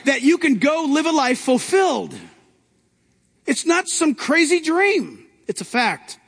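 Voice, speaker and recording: A man's voice: very high voice, sing-song, unhurried, gravelly, fairly bright tone, big-room sound. A male pastor preaching a sermon to a congregation, with emphatic rising outbursts.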